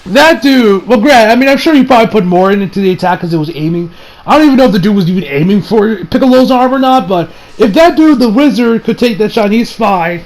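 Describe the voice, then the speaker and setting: A man reviewing an anime episode in a rambling, excitable manner, full of slang and swearing. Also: sits high, fast talker, rough recording.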